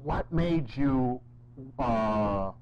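A man's voice: mid-range voice, expressive, very slow, dull audio, background noise. A man hosting a casual interview, joking and laughing often. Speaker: host.

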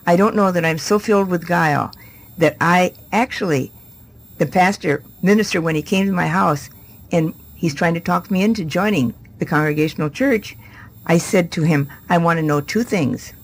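A middle-aged woman with a gravelly, husky voice tells her story to an interviewer. She is animated and acts out the voices of people she quotes. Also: fairly low pitch, moderate pace. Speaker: guest. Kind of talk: testimony in a TV interview.

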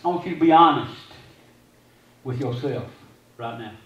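Pastor guy preaching, highish voice, repeats stuff, echoey church, mic kinda far off. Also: moderate pace, lo-fi sound. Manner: preaching with repeated phrases and swings between loud and hushed; quotes scripture. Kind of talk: sermon. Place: church sanctuary. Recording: echoey sanctuary from a distance.

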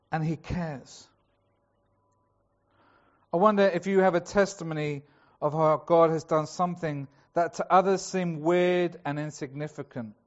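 A man's voice: on the high side, lo-fi sound. A male pastor preaching a sermon in a chatty storytelling way, acting out the voices of the people in the story.

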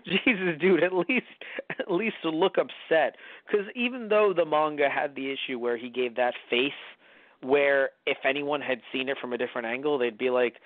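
Animated, profane man, phone-like sound. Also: a little high, moderate pace, dry recording. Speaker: podcast co-host. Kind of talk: casual movie review chat. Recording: dry, phone-like line.

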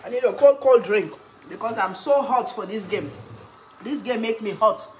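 A woman chatting casually in an eating vlog, humming with pleasure between bites and cheering when something catches her eye, then giving a playful pitch for her own products. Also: moderate pace, a little mellow, a little hiss or hum. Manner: chatty, talks while eating, hums with pleasure, bursts into cheers. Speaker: cooking vlogger.

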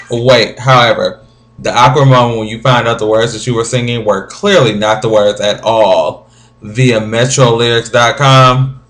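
A man's voice: mid-range voice, fairly even intonation, normal speed, a bit bright, soft background music. Young male vlogger, chatty and theatrical, wanders off topic, sometimes trails into a mumble. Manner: chatty and dramatic, rambling asides. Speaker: vlogger reading viewer comments. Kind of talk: casual chat to camera.

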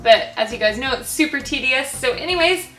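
A woman's voice: high-pitched, expressive, fairly quick, a bit bright, soft background music, poor audio. A young woman hosting a casual vlog about converting a bus, bubbly, giggly and chatty. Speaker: vlog host. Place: converted school bus and workshop.

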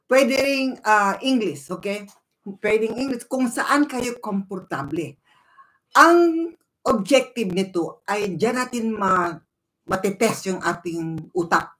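A woman's voice: mid-range voice, expressive, a little slow, a bit bright, rough recording. Chatty Filipino woman live-streaming. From Philippines. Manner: chatty, mixes Tagalog and English, greets viewers by name. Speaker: livestream host. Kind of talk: casual live-stream chat.

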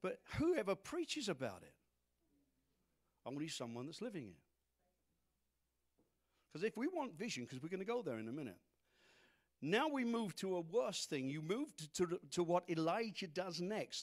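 A man preaching a sermon, acting out scripture figures with humor and animated emphasis. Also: sits high, normal speed, long pauses. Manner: animated, acts out Bible characters, laughs at own jokes. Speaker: pastor.

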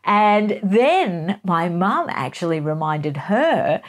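A woman's voice: on the low side, very animated, slow pace, hardly any pauses. A middle-aged woman, hosting a casual gossip chat in a playful, giggly way. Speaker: host.

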